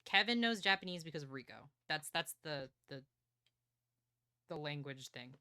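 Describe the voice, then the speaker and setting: Bright, clear young woman recapping a book. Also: sits low, normal speed, no room sound, clean studio sound. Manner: excited, swearing, acts out characters' lines. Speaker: streamer. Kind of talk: casual book recap chat.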